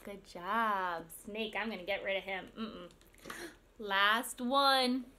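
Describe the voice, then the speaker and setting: A woman's voice: mid-range voice, slow pace, sharp tone, slight background noise. A young woman reading a picture book to young children in an exaggerated sing-song voice, making animal sounds. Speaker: speech language pathologist.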